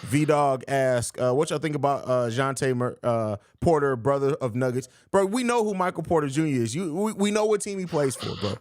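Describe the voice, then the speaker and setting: A man's voice: mid-range voice, expressive, moderate pace, few pauses, darkish tone, dry recording, studio quality. A young man hosting a live sports podcast, reading viewer questions and answering bluntly with jokes, calling people bro. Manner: blunt, joking, says bro a lot. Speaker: podcast host.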